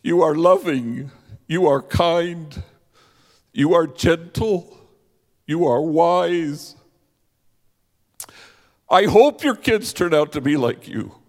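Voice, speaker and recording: Earnest audience woman, raised and loud, a man puts her on, long hall reverb. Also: a little high, a little slow, long pauses. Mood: tearful. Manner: earnest, emphatic questioning. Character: tearful middle-aged woman in the audience.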